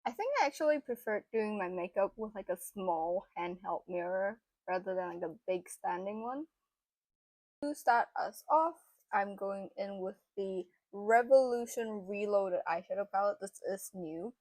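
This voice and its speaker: A woman's voice: medium pitch, expressive, measured pace, a little mellow, no room sound. A young woman narrating a makeup tutorial in a chatty, casual way, with lots of fillers. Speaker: beauty vlogger.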